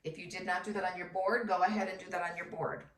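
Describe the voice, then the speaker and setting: Speaking fast in a steady, lower-pitched voice, a woman teaching first grade leads a patient, slow phonics lesson for children, breaking words into syllables. The mic is distant, and the room echoes.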